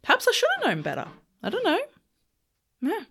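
A woman's voice: extremely high pitch, huge pitch swings, brisk, bright, forceful tone. A woman podcast host in her thirties telling a personal story candidly, acting out the dialogue she recalls. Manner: candid, conversational, acts out quoted dialogue.

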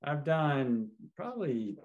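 A man who is a guest triathlete, giving relaxed short answers in a casual interview. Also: a little high, takes it slowly, dull audio.

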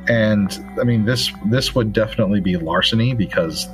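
Low-voiced man running a tabletop game. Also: over music. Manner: relaxed, halting, many fillers. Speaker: game master.

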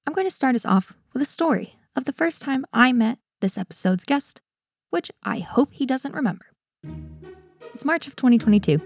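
A woman hosting a company podcast, telling a self-mocking story in a chatty, lively way. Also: fairly high pitch, vocal fry. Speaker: podcast host. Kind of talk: scripted podcast intro and interview.

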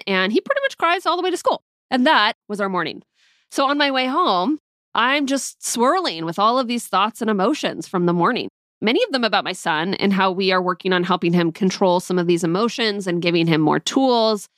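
A woman in her thirties, a mother, recounting a difficult morning in a candid, reflective way with the odd soft laugh. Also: medium pitch, no echo, studio quality. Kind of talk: personal storytelling.

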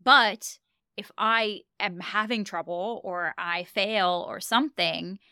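A young woman co-hosting a casual chat podcast, animated and laughing often as she retells scenes. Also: mid-range voice, slow, clear, resonant tone, no room sound, studio quality. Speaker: podcast co-host.

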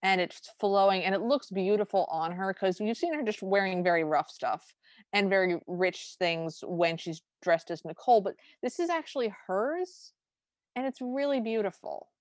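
A woman's voice: mid-range voice, animated, normal speed, dry recording. Chatty woman recapping a movie. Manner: chatty, enthusiastic, recounting scenes. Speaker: podcast co-host. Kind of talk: casual movie recap chat.

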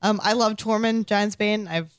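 A woman's voice: medium pitch, steady tone, moderate pace, a loud crowd. A woman co-hosting a podcast, gushing in casual chat about a TV show, with lots of "like.". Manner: gushing, laughs often, says "like" a lot. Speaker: podcast co-host.

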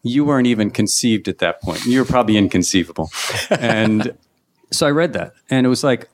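A man's voice: medium pitch, expressive, a little fast. A middle-aged man from Long Island, a veterinarian guest telling wry stories in a casual interview. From Long Island, New York. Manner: wry, anecdotal storytelling.

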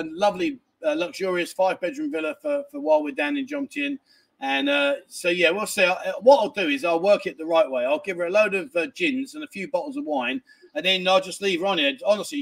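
Chatty man with a gravelly, high voice. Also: expressive, fairly quick, fairly bright tone. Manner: chatty and rambling, swears casually, many restarts. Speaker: livestream host reading viewer chat. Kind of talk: casual live chat. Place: a family home in a village, indoors.

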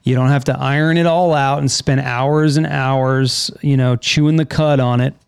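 A man's voice: medium pitch, fairly even intonation, moderate pace, gravelly, clean tone, no room sound, clean studio sound. A man hosting a casual podcast chat, rambling with frequent restarts and casual swearing. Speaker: podcast host.

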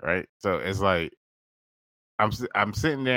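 A man's voice: deep voice, animated, unhurried, sharp tone, dry recording. A man hosting a podcast, telling a personal story in casual, slangy talk, laughing often and calling the listener "bro". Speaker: podcast host.

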